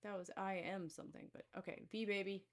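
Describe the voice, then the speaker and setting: A woman's voice: medium pitch, fairly even intonation, fast talker. A woman hosting a live stream of card and pendulum readings, talking casually to viewers in a rambling way with many fillers and restarts.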